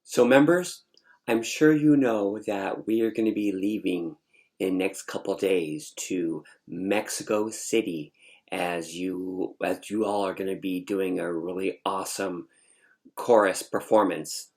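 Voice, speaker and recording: A man's voice: low voice, measured pace, a little mellow, voice pushed down. A man voicing a chatty male choir director. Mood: explaining.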